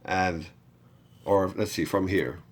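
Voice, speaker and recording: A man's voice: deep voice, steady tone, takes it slowly. A man teaching a step-by-step chanting lesson, patiently talking learners through each step and having them repeat after him. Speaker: Torah reading teacher.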